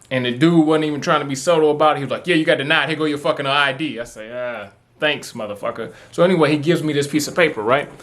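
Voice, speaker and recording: This vlogger from Texas has a slightly high, fairly bright voice and speaks into a camera mic while facing the lens. His talk is loose and rambling, peppered with fillers and swearing.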